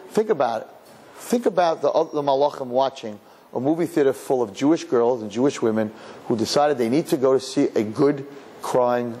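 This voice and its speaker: A male rabbi giving a lively, humorous sermon full of rhetorical questions and Hebrew and Yiddish terms. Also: mid-range voice, slight background noise.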